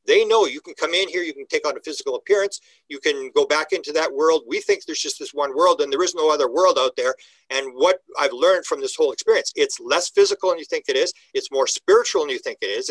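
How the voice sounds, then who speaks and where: Older male interview guest: bright, forceful delivery, animated storytelling. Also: on the high side, dry recording, low-quality recording. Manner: animated storyteller, acts out quoted dialogue, frequent restarts. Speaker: guest UFO researcher. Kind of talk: conversational podcast interview.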